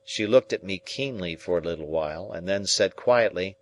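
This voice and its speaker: A man reading a classic novel aloud as audiobook narrator, in a measured storytelling way. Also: low voice, dry recording.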